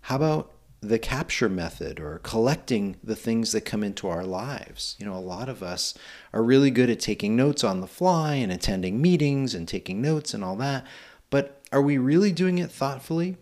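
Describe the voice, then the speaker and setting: A man's voice: mid-range voice, lively intonation, moderate pace, a little mellow. A middle-aged man hosting a solo podcast, talking earnestly and encouragingly, asking the listener rhetorical questions. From Pennsylvania. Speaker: podcast host, nonprofit executive director.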